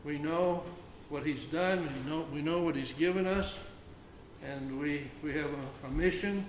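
A man leading an informal Bible reading, reflecting haltingly with many fillers and restarts and reading the verses aloud slowly. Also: a little high, far from the mic. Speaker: Bible study leader. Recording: echoey room with faint ambient noise.

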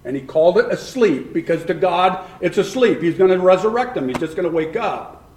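A man's voice: sits high, expressive, a little fast, a little mellow, slight background noise. A man preaching a sermon who keeps questioning his congregation and repeats points for emphasis. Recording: echoey room.

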